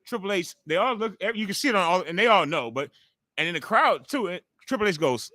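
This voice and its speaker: A middle-aged male stream host with a sharp, forceful tone, chatting loosely with his viewers and swearing freely. His voice sits a little high for a man. It sounds close and dry, with no room echo. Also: expressive, fairly quick. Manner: loose, profane, talks straight to the chat. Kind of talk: casual watch-along chat with viewers.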